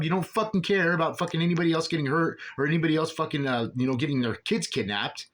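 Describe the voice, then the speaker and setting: Fast and agitated, a man with a fairly high, fairly bright voice swears his way through a rambling rant about officials, speaking as a wronged father. He restarts his sentences many times.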